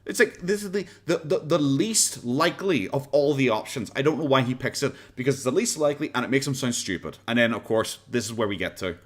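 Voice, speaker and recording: A man's voice: medium pitch, expressive, fairly quick, few pauses. A man with an Irish accent, streaming and mocking a clip in sarcastic casual commentary, often laughing.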